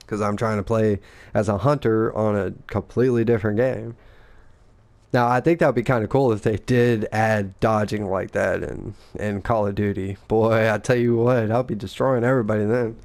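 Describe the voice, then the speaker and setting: A man's voice: on the low side, fairly even intonation, moderate pace, a little mellow. A man and father, co-hosting a casual gaming chat, rambling and profane, acting out the lines people said. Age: adult father. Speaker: gaming podcast co-host.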